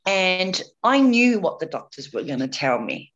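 A woman's voice: on the low side, very animated, measured pace, lo-fi sound. A woman, a guest telling her own story in a frank, candid way and often repeating words. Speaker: interview guest, breast cancer survivor. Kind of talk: personal storytelling in conversation.

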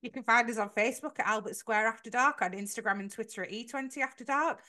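A woman's voice: on the high side, quick pace, bright, forceful tone. A woman co-hosting a podcast, chatting casually and giving firm opinions. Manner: opinionated, emphatic. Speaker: podcast co-host. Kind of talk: casual chat.

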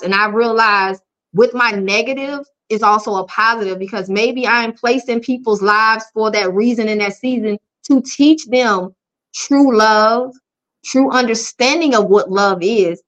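A woman's voice: medium pitch, fairly bright tone. A woman life coach speaking frankly and openly in an interview. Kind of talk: candid conversational interview. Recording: dull lo-fi audio.

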